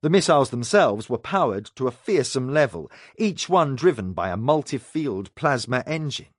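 A man narrating a science fiction audiobook in an expressive, scripted reading. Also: medium pitch, moderate pace, no echo, clean studio sound. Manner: expressive, varied sci-fi reading.

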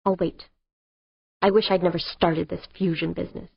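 A woman reading an audiobook, voicing an impatient, controlling wealthy man who speaks low and tight, on a dull, dry recording. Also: level tone, normal speed, creaky, husky, dry recording. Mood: insistent.

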